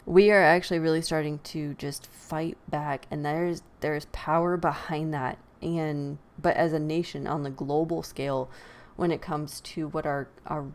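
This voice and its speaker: Woman, deep voice, vocal fry, opinionated podcast chat, laughing and sighing. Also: measured pace, few pauses. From United States. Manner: animated, laughs often, sighs. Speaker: podcast host. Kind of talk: opinionated casual commentary.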